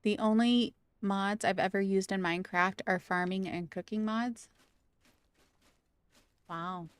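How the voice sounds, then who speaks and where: A woman's voice: mid-range voice, fairly even intonation, a little slow, clear, resonant tone, no echo. A woman streaming a video game, chatting casually and playfully with her viewers and laughing often. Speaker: gaming streamer.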